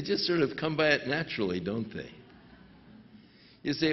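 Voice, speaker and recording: A man preaching a sermon to a congregation, slow and deliberate, with sudden emphatic rises. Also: medium pitch, sing-song. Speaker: pastor. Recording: dull lo-fi recording.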